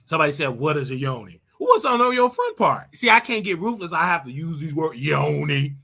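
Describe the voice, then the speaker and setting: Flamboyant, animated man with a gravelly voice. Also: a little high, fairly quick. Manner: flamboyant and sing-song, sudden yelps and laughter. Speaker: online preacher commentator. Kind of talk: casual livestream rant.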